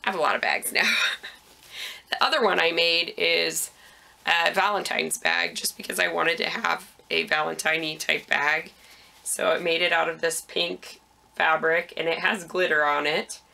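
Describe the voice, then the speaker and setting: Low gravelly lady chatting about her knits, kinda breathless, bright edge to her voice. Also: moderate pace. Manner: chatty and relaxed, with frequent ums. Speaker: knitting podcast host. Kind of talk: casual chat about knitting projects.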